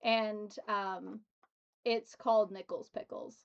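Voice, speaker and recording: A woman's voice: mid-range voice, steady tone, slow, creaky, clear, resonant tone, muffled recording. A woman hosting a tabletop game stream, chatting casually and giggling often. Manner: giggly, laughs often between words. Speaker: streamer and host.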